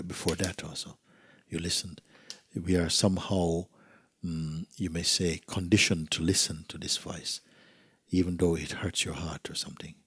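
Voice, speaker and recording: A man with a low, husky voice gives a gentle spiritual talk. He speaks softly and often sinks into a near whisper. His manner is unhurried, with rhetorical questions that invite the listener in. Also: no room sound. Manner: soft-spoken, often sinking to a whisper; gentle, asks rhetorical questions like "you see?". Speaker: spiritual teacher. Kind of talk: spiritual talk, reading and answering letters.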